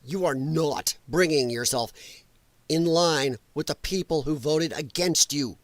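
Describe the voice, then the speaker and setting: A man's voice: a little high, a little slow, no room sound. A man hosting a political podcast, delivering an angry, profane rant full of mocking voices. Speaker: podcast host.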